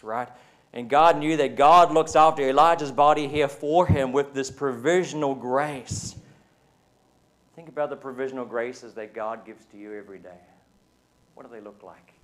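A pastor with a New Zealand accent preaches a sermon at a church service in a conversational way, often asking the congregation "right?" to check in. His voice is mid-range and a bit bright.

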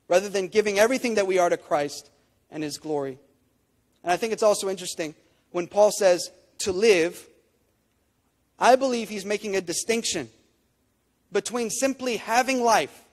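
A man's voice: high-pitched, long reverb tail. A man preaching a sermon, emphatic, with repeated phrases and rhetorical questions. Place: church sanctuary.

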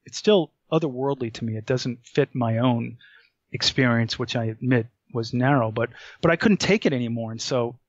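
A man telling a story as a podcast guest, animated and full of restarts as he acts out his own dialogue. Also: medium pitch, normal speed, no echo, dull audio.

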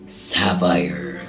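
A young woman hosting a casual gameplay vlog, chatty and gushing with excitement as she comments on what she sees. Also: extremely low pitch, recorded from a distance. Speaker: gaming channel host. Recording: echoey room, mic set back, music behind.

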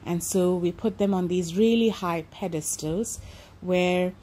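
A woman reads a novel aloud as an audiobook narrator, calm and measured in her delivery. Her voice is fairly low for a woman, with a mellow, warm tone. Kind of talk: reflective commentary and book reading.

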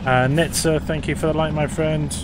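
A man's voice: on the high side, flat delivery, normal speed, background noise. A man hosting a live stream, chatting casually and thanking viewers by name. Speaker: livestream host.

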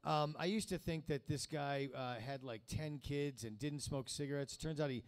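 A man's voice: fairly high pitch, moderate pace, clear, resonant tone. A man hosting a comedy show, teasing a comedian with a rambling joke intro before hyping him up. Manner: teasing, rambling, builds to a loud hype.

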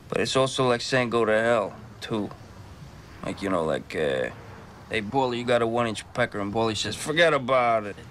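A man's voice: mid-range voice, expressive, normal speed, fairly bright tone, a little hiss or hum, close to an everyday voice. An actor playing a streetwise mobster in a film clip. He explains slang in a loose, offhand way. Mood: wry. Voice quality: gravelly. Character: streetwise adult male mobster, wry. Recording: movie clip played back, faint ambience.

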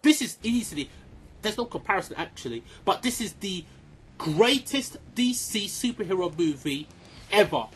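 A man giving a casual, excitable film review, swearing freely and filling his talk with "like" and "um". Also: sits high, normal speed, a little hiss or hum. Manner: excitable, swears a lot, many fillers.

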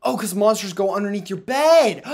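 A young man hosting a casual gaming chat, excitable and laughing, prone to loud outbursts. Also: sits high, fast talker. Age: young adult. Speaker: gaming channel host.

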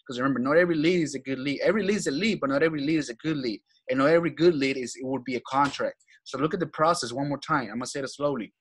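An energetic man speaks in a husky, slightly raspy voice at an ordinary pitch. He talks casually as an interview guest, hammering his points home with repetition and tag questions like "right?". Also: racing. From Venezuela. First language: Spanish. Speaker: guest, real estate acquisitions manager.

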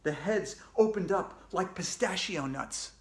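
A middle-aged man reading a children's book aloud, lively and animated, with higher voices for the characters. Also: measured pace. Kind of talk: read-aloud storytelling. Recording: echoey room.

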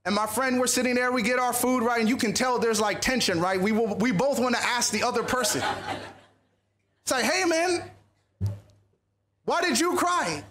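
High-voiced man telling a lively sermon story. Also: fairly quick. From USA. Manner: lively, animated storytelling with acted quotes. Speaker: youth conference speaker.

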